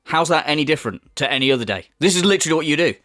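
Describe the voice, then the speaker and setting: A man's voice: fairly high pitch, animated, racing, fairly bright tone, no room sound, clean studio sound, faint music behind. A man hosting a reaction commentary, mocking and swearing with heavy sarcasm. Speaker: commentary channel host.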